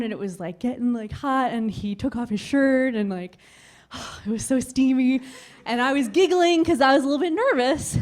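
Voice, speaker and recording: A woman in her twenties performing a stand-up routine on a club stage, telling a story with animated delivery and acted-out voices. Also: high voice. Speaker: stand-up comedian.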